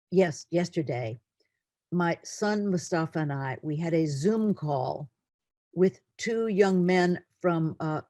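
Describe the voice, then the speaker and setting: A woman's voice: lowish voice, darkish tone, dry recording, studio quality. A middle-aged woman teaching an online class in an earnest, emotional way, often repeating words. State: near tears.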